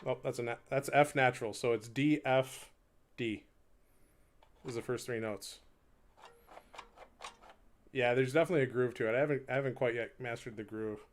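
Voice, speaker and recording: A man's voice: medium pitch, moderate pace, long pauses, faint music behind. A man live-streaming his instrument practice, chatting casually with viewers, rambling, laughing at himself and counting beats aloud. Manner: rambling, self-deprecating, laughs often; talks while playing, counting beats aloud. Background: faint hurdy-gurdy drone.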